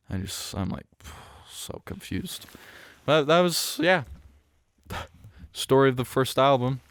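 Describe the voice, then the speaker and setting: Recorded up close on a studio mic with clean sound and no echo, this young podcast host speaks on the low side. His casual story meanders, full of fillers, restarts, and corrections of himself.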